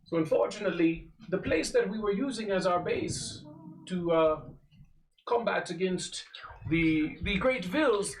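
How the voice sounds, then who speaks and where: A man's voice: high voice, lively intonation, a little slow, roomy sound, distant mic, rough recording. A man running a tabletop role-play, speaking formally in character with many stalling fillers. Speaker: game master voicing a character.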